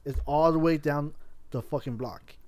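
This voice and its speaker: A man's voice: on the high side, moderate pace, a little mellow. A man hosting a casual podcast, telling a rambling story with lots of swearing and restarts. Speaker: podcast host.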